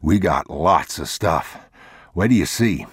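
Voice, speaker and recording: A man's voice: deep voice, expressive, unhurried, breathy edge, no echo, studio quality, heavily acted. A man voicing a weary, terse father. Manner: short, clipped, reassuring replies.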